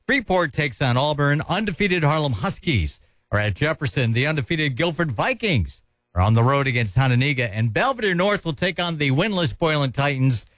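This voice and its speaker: An upbeat man hosting a morning radio show, his voice a touch high and swinging lively up and down as he reels off local listings. He chats casually between items, close on a studio microphone in a dry, dead room. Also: dry recording. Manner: upbeat, chatty, reads listings briskly. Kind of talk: casual radio chat and announcements.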